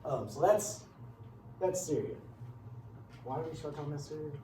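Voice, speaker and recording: A man's voice: a little high, expressive, moderate pace, background noise. Rambling, joking male teacher in class. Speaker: history teacher. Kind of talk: casual classroom lecture. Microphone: far camera. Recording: echoey room from far off.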